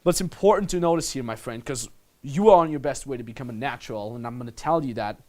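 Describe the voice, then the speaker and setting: A man's voice: medium pitch, fast talker, a little mellow. A man coaching the listener on dating in a casual, blunt manner, swearing freely and calling the listener "my friend". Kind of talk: instructional monologue.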